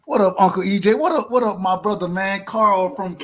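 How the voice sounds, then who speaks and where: A man from Middle Georgia with a Southern country accent, chatting and telling stories on a boxing panel, quick to laugh. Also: high-pitched. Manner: laughing, animated storyteller. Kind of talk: casual panel chat.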